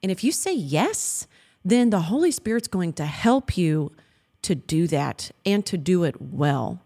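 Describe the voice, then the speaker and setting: A woman in her thirties speaks with earnest, affectionate warmth about faith and marriage, often breaking into a laugh. Her voice sits a little on the low side. She reads scripture aloud in a heartfelt conversational way. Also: big pitch swings, unhurried, vocal fry. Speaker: co-host of a Christian marriage talk. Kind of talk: heartfelt faith-based chat.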